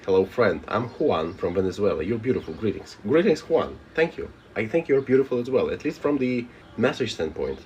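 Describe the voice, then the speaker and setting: A man's voice: fairly low pitch, big pitch swings, brisk, hardly any pauses, a little mellow, highs cut off, slight background noise. A man live-streaming who reads viewer comments aloud and answers them bluntly in a casual, unbothered way. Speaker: live streamer reading chat.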